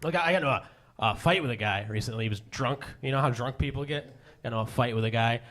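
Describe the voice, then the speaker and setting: A man doing a stand-up comedy set, self-deprecating and halting, with many fillers and restarts. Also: mid-range voice, a bit bright. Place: comedy stage before a live audience.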